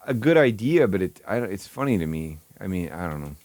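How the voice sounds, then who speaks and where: Lively, incredulous streamer man. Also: deep voice, a little fast, background noise. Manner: incredulous, swearing, stammering with bursts of laughter. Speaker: streamer reacting to videos. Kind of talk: casual live-stream commentary.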